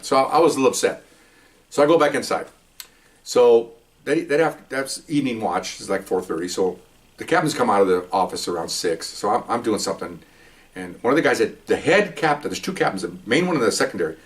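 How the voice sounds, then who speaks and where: A man's voice: medium pitch, brisk, recorded from a distance. An older man, a retired police officer, telling rambling street stories in a casual way and acting out the other people's lines. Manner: rambling, animated, acts out quoted voices. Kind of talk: casual storytelling.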